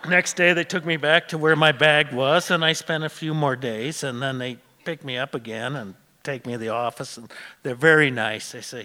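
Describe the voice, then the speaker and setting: A man's voice: mid-range voice, steady tone, moderate pace, pushed and bright, big-room sound. A man from Montana telling a personal travel story in a conversational way, with frequent restarts. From Montana, USA.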